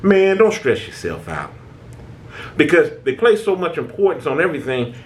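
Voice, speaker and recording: Casting: man, high and lively voice, casual preachy self-help talk, restarts and tag questions. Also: normal speed. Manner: animated, preachy, conversational with repeated "right?"; informal American speech, stammering restarts. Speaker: channel host.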